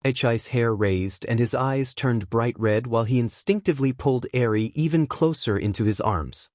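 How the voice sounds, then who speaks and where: A man narrating a fan-written story in a steady, even reading voice. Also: mid-range voice, normal speed, no echo, clean studio sound. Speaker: fanfiction narrator.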